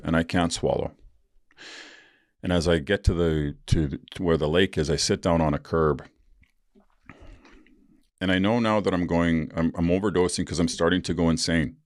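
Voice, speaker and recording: A man's voice: low-pitched, dry recording, clean studio sound. A man, a podcast host telling a personal story in a blunt, profane way with rueful laughs.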